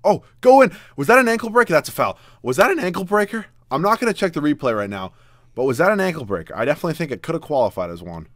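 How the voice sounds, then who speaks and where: A young man giving live video game commentary, exasperated and swinging from low muttering to loud yelling. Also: big pitch swings, very fast, no echo. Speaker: gaming YouTuber. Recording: dry close mic with faint background music.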